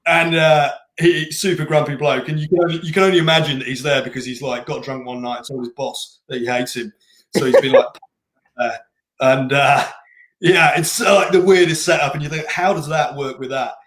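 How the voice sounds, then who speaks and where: A man's voice: fairly high pitch, steady tone, brisk, a bit bright. A man who directs a race, talking in a rambling, conversational way as an interview guest. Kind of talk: casual interview chat. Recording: roomy echoing room.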